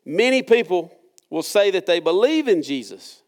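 A man's voice: high voice, very animated, moderate pace. A man preaching a sermon in a church service, reading scripture and asking the congregation earnest, conversational questions. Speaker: pastor.

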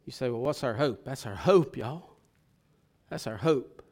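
A male pastor preaching a sermon, swelling to loud bursts and then dropping to a hush. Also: medium pitch, animated, unhurried.

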